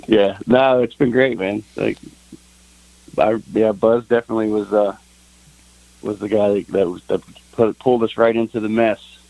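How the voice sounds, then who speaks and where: A gravelly-voiced man from a band, guesting on a radio show. He is relaxed and jokey, and his voice sounds close and dry. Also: fairly low pitch, normal speed, pauses often, dry recording, rough recording. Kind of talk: casual interview chat.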